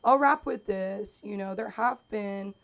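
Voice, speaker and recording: A woman's voice: mid-range voice, measured pace, creaky, a bit bright. A young woman doing a stand-up set on a comedy club stage, chatty and rambling, acting out quotes. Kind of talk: stand-up set at an open mic. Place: comedy club stage under bright lights.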